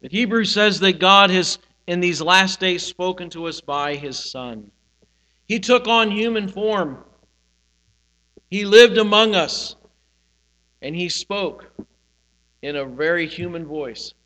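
Bright-voiced preacher man in a hall. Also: high-pitched, takes it slowly, pauses often. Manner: preaching with dramatic swells and drops in volume. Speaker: pastor. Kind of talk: sermon.

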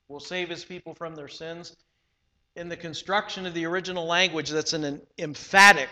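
Male preacher, high bright voice, slow deliberate delivery, echoing hall. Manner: measured, emphatic preaching with slowed phrases. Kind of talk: sermon. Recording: long hall reverb.

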